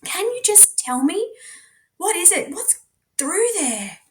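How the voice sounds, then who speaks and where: A woman voicing a frightened teenage boy who asks high, hushed, urgent questions. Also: big pitch swings, slow, full character voice. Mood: anxious.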